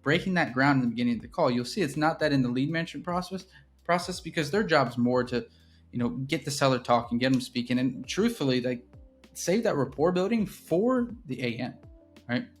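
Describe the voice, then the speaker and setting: A man teaches his sales team's process in a casual, energetic walkthrough. He talks quickly and keeps checking in with the listener. Soft music plays faintly behind him. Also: mid-range voice. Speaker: real estate business owner teaching sales.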